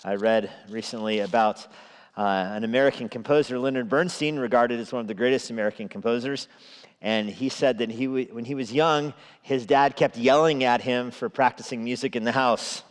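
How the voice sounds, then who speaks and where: A man's voice: mid-range voice, moderate pace, clean tone. Man preaching in a reverberant hall. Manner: conversational preaching with asides and chuckles. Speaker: pastor. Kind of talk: evening sermon. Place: church sanctuary. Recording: long reverb of a large hall.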